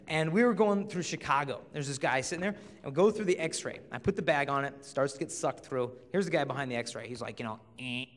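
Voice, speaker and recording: Young guy, assembly speaker, animated and jokey, slightly high voice, big echoing hall. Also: brisk, few pauses. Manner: animated storytelling, acts out quoted voices. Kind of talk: humorous motivational talk. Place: large school auditorium. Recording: long hall reverb.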